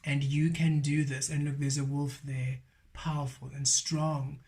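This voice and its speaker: A man's voice: on the high side, flat delivery, unhurried, darkish tone. A man giving a spiritual tarot card reading, emphatic and repeating his affirmations. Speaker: tarot reader.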